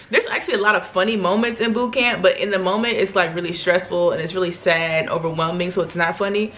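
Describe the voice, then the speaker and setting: A young woman vlogger telling a story to camera in a chatty, animated way, laughing often and using slang. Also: on the low side, fast, few pauses.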